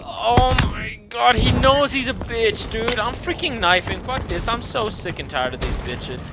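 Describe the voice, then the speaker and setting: A young man with a high, wildly swinging voice talks over his own gameplay, cursing freely. He drops to a mutter, then bursts into shouts. Loud game gunfire runs under everything he says. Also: animated, measured pace, creaky, heavy background noise. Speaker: gaming commentator. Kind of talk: live gameplay commentary.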